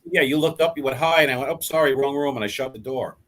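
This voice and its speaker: A man's voice: mid-range voice, fast talker. An older man who is a rock musician, telling stories as an interview guest. He acts out quoted dialogue and often repeats and restarts words. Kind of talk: storytelling in a casual interview.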